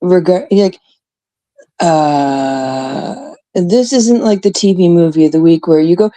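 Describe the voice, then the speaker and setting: A woman's voice: medium pitch, slow pace, no room sound. A Canadian woman hosting a livestream, ranting bluntly and swearing as she chats with viewers. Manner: blunt, swearing, animated rants. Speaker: livestream host. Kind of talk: casual livestream chat.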